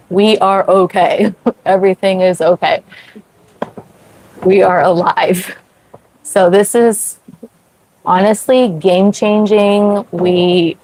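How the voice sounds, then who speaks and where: A young woman hosting a casual livestream from her sailboat at sea, chatty, full of "like" fillers and quick laughs. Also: on the low side, a little mellow, slight background noise, poor audio. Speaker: sailing livestream host. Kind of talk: casual livestream chat with viewers.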